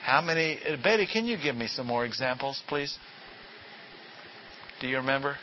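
With lively intonation and normal speed, a medium-pitched man teaches a Bible class, folksily quizzing listeners through rhetorical questions. The lecture is recorded dull and lo-fi, with faint hiss.

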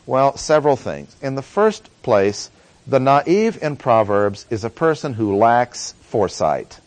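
A man gives a Bible study lecture, earnest and explanatory, stopping often on "uh" as he works through the words. His voice sits at an ordinary middle pitch. The recording is close and dry, with no room echo. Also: big pitch swings, darkish tone. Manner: earnest teaching tone with frequent "uh" pauses. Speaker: Bible teacher.

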